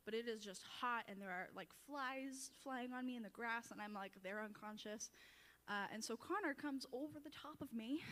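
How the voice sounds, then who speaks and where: A woman's voice: on the high side, fairly bright tone, long reverb tail. A young woman giving a chatty, self-deprecating farewell tribute at a church service, often breaking into laughter. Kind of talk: casual storytelling speech.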